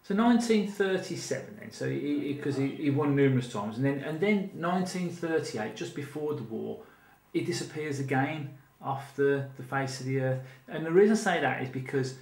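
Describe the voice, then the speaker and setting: A man's voice: mid-range voice, lively intonation, normal speed, vocal fry, hardly any pauses, a little mellow. A man interviewing in a casual, supportive way, prompting with questions and filling in with short agreements. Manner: supportive, with frequent short backchannels. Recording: echoey room with faint background noise.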